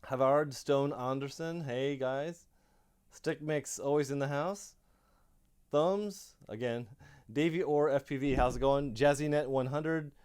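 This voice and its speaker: A man's voice: medium pitch, measured pace, a little mellow, smooth. A man hosting a casual live stream about his drone hobby from his home office, rambling through fillers and restarts as he speaks into a desk microphone. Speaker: drone hobby channel host.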